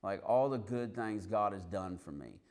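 This man's voice is fairly low and his pace moderate. He's a street preacher telling his testimony as sermon storytelling, lively and acting out the quotes.

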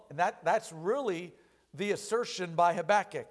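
A man with a notably high speaking voice delivers a sermon. He reads scripture aloud slow and weighty, pressing harder on each line, then drops back into plain explanation. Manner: reads verses slowly with rising emphasis. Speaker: preacher.

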